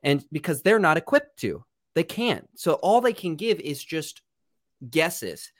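A man's voice: a little high, sing-song, a little slow, dry recording, studio quality. A man, a real estate coach and podcast guest, explaining his ideas boldly and emphatically. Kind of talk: podcast interview.

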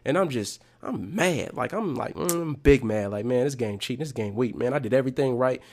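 A man telling a personal childhood story to viewers in a casual, slangy, animated way, drawing a life lesson from it. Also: medium pitch, brisk. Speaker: motivational speaker.

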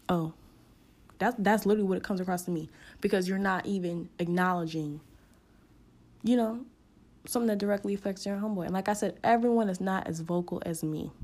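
A woman's voice: medium pitch, darkish tone. A young woman hosting her own podcast, speaking with passion and repeating key phrases for emphasis. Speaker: podcast host. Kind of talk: impassioned solo podcast monologue.

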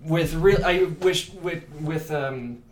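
A man from Canada whose first language is French, chatting as an actor in an interview, animated and full of restarts. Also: on the high side, slow pace. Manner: animated, many restarts and fillers. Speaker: actor and podcast guest. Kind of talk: casual interview chat. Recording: echoey room.

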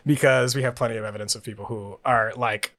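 A man's voice: medium pitch, fast talker. A man co-hosting a podcast, ranting sarcastically about a bad review in casual chat. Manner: sarcastic, animated ranting with laughs. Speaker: podcast co-host.

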